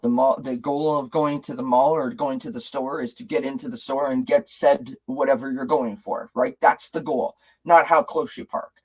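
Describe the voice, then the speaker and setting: A man hosts a casual live stream, chatting with viewers, reading their comments aloud, posing rhetorical questions, and frequently restarting his sentences. His voice is medium-pitched and a little slow, and the audio is poor.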